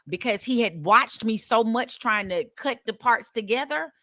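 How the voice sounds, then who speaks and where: Woman, lively storytelling, very expressive pitch, dry close sound. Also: normal speed, dry recording. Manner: animated, laughing storyteller who acts out quotes. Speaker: guest actress. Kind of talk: casual storytelling chat.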